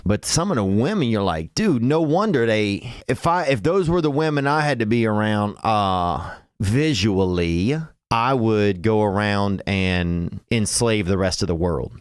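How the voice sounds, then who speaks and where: Man, low voice, blunt stand-up, hesitant buildup, dry sound. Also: no echo. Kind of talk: stand-up bit.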